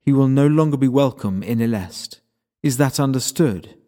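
A stern, formal sorceress , as a male narrator puts her on, who lays down the law in a cool, measured voice. She speaks with unhurried authority. It is a storybook figure read aloud. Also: mid-range voice, dark tone, voice pushed up, lightly acted. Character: stern, formal female magician.

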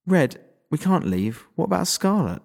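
Man doing a teenage girl, high-pitched, breathless, impulsive, stubborn, exclaiming. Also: very animated, a little slow, creaky, a little mellow, exaggerated voice. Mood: exasperated.

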